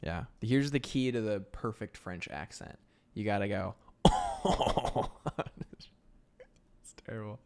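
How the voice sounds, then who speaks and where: A man's voice: fairly low pitch, expressive, moderate pace, few pauses, darkish tone. Rambling, self-amused male streamer. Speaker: illustrator livestreaming sketches. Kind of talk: casual live-stream chatter while drawing.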